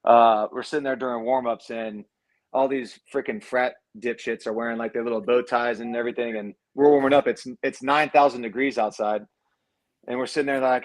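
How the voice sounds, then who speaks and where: A man's voice: fairly even intonation, fairly quick. A former quarterback in his thirties, telling loose, profane stories in a casual interview and mimicking people in a raised voice. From Cuban heritage. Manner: laid-back, swears freely, acts out quotes in a higher voice. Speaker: former college quarterback, guest.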